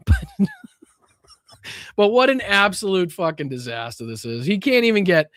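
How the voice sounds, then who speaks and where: A man's voice: high voice, big pitch swings, measured pace, pauses often, a bit bright, dry recording, clean studio sound. A man hosting a live political rant, sarcastic and profane, laughing often and restarting his sentences. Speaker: host of a political commentary stream.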